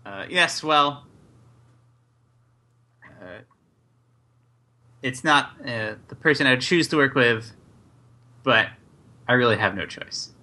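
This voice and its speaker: A man's voice: medium pitch, lively intonation, slow pace, pauses often, pushed and bright, exaggerated voice. A game master voicing a nervous, easily startled male bank wizard in a tabletop game. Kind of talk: tabletop role-play voice.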